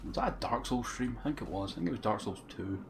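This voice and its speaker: A man's voice: lowish voice, expressive, quick pace, noisy background. A man chatting casually on a live game stream, rambling and swearing as he talks to viewers.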